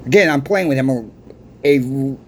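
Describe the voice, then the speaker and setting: A man's voice: mid-range voice, normal speed, a little hiss or hum. A man who runs a coin shop, telling a story casually to camera and often stammering and restarting his words. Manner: stammers and restarts words while recounting a conversation.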